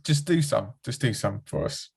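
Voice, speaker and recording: A man's voice: mid-range voice, animated, moderate pace, vocal fry, a little mellow, husky. A man co-hosting a podcast, chatting casually with enthusiasm and frequent giggles. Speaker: podcast co-host. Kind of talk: casual chat.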